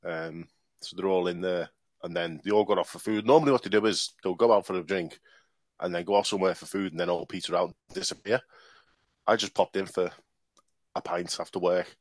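A man with a very low voice co-hosting a football fan podcast, recorded close and dry. He tells his story in a relaxed, deadpan way, dotted with ums. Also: fairly quick, dry recording. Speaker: podcast co-host. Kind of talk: casual storytelling.

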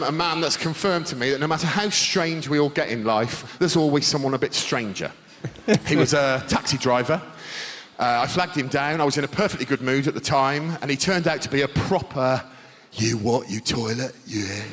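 A man performing a live stand-up set on a large theatre stage into a stage mic, telling stories in a loud, exclamatory way. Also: a little high. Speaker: stand-up comedian. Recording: live theatre crowd and noise.

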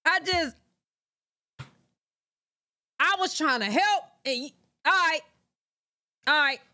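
A woman's voice: sits high, animated, measured pace, pushed and bright. A woman hosting a reaction channel, giving blunt, profane commentary on clips in a casual way. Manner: blunt, profane, laughing asides.

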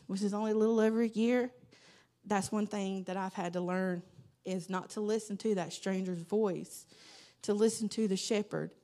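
Woman sharing a testimony at church, earnest, kinda rambly, close to tears, mid-pitched voice. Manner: earnest, rambling, quotes her own prayers. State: holding back tears. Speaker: church member giving testimony.

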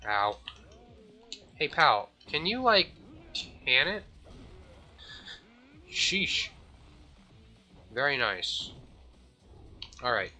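A man giving casual, jokey let's-play commentary at home, self-mocking, slightly out of breath, with sudden high yelps. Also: sing-song, very slow, pauses often, sharp tone, soft background music. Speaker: gaming channel host.

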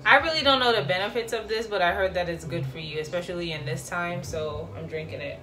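A woman's voice: fairly low pitch, fast, pushed and bright, slight background noise. A woman hosting a cooking video, chatting casually with playful slang and joking asides. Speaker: cooking vlogger. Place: home kitchen. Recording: frying sizzle in background.

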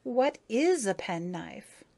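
A woman's voice: a little high, sing-song, slow, a little mellow, voice pushed up, heavily acted. A woman voicing wide-eyed young bee girl. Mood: alarmed curious. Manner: wide-eyed, breathless questions. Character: young curious female bee, earnest and easily shocked. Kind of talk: audiobook character reading.

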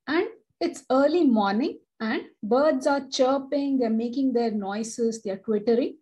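A woman with an Indian English accent reading a story aloud to children and explaining the pictures gently. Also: a little high, low-quality recording.

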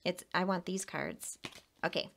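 A woman's voice: lowish voice, fairly even intonation, measured pace, creaky, a bit bright, a little hiss or hum. A woman giving a casual tarot reading to the camera, emphatic and repeating herself, with a frequent "okay?". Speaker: tarot reader.

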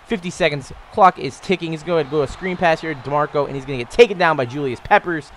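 A man in his twenties casually commentating on his own football video game, getting louder and higher on big plays. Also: quick pace, slight background noise. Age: 20s. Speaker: gaming YouTuber.

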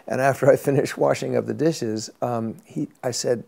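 A man's voice: medium pitch, fairly even intonation, moderate pace, gravelly, darkish tone. An older man, an actor as interview guest, telling rambling anecdotes in a casual chat and often repeating words.

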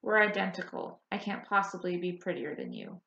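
A kind, practical young sister in an audiobook who coaxes gently, as a woman narrator puts her on. The voice is low and a bit gravelly. The room sounds echoey and the sound slightly muffled. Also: huge pitch swings, fairly quick, heavily acted. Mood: coaxing. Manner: gentle, coaxing. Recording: roomy, slightly dull audiobook recording.

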